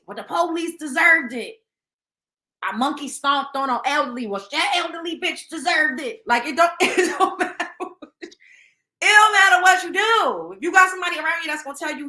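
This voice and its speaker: Woman gossip host, blunt and profane, bright voice, echoey room. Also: high-pitched, lively intonation, fairly quick. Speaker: show host. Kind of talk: casual celebrity gossip commentary.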